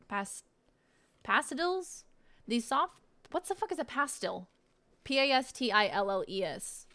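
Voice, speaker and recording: A woman's voice: a little high, sharp tone. A woman streamer chatting casually on a live stream, playful and swearing freely as she sounds out words from snack packaging.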